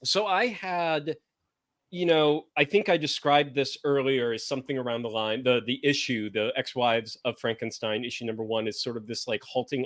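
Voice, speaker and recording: A man's voice: medium pitch, no echo, studio quality. A man hosting a casual podcast chat, talking in a rambling way and searching for words with many fillers. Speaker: podcast host pairing wines.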